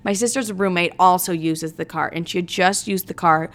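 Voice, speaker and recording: A young woman hosting a podcast, telling stories in a brash, profane, animated monologue. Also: lowish voice, normal speed. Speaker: podcast host. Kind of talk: casual storytelling monologue.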